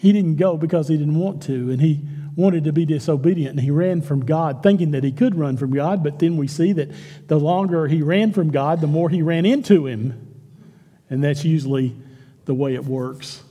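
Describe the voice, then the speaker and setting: A man preaching a sermon as a pastor, animated, acting out quoted lines in a church. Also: fairly high pitch, normal speed. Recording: long hall reverb.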